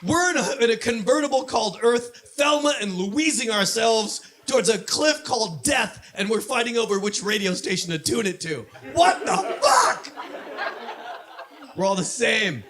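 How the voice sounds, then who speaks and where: High-voiced man doing stand-up. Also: normal speed, hardly any pauses. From Southern California. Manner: punchy delivery that builds to shouted punchlines. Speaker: stand-up comedian. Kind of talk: stand-up comedy set. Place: comedy club stage with laughing audience.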